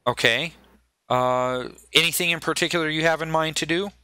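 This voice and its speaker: A man runs a tabletop game, narrating in a loose, rambling style. His voice is bright and slightly high. The sound is dry and close. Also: moderate pace, clean tone, no room sound. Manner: loose, rambling, many fillers and restarts. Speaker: game master.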